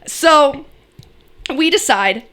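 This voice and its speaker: High-voiced animated young woman storyteller. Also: very slow. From Canada. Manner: animated, laughing, acts out quotes. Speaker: podcast co-host. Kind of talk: casual storytelling chat.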